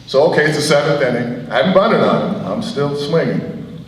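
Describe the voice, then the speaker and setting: A middle-aged man giving a guest speech at an event, telling anecdotes in a lively way and chuckling often. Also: a little high, normal speed, noisy background. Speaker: guest speaker. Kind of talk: storytelling speech. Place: event hall. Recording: echoey hall, voice from far off.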